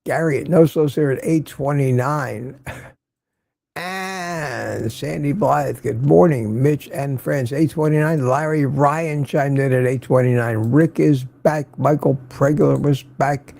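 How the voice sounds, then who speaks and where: A man's voice: mid-range voice, slow, gravelly, a little mellow, no echo. An older man hosting a casual morning livestream, chatting and greeting viewers by name as he reads their comments. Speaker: livestream host.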